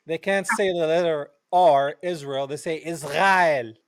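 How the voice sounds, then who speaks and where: A man from Palestine hosts a casual podcast interview with a fairly high voice. He talks in an emphatic, impassioned way and keeps adding rhetorical asides. His voice sounds dry and close, with no room echo. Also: normal speed, clean tone. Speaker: podcast host.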